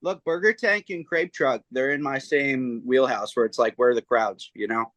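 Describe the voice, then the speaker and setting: A man co-hosting a relaxed podcast, teasing his fellow hosts in a playful, mock-authoritative tone. His mid-pitched voice sits close and dry on the mic. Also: moderate pace, dry recording. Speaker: podcast co-host. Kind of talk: casual chat.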